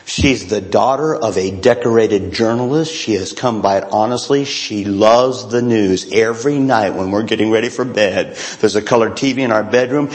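A man telling a long humorous story to a live audience, speaking to the crowd directly and acting out little voices along the way. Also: on the low side. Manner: chatty and self-mocking, addresses the crowd directly, acts out voices.

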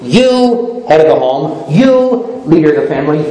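An older man preaching a sermon as pastor in a church, animated, laughing often and asking rhetorical questions. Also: fairly high pitch, a little slow, reverberant, rough recording. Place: church sanctuary.

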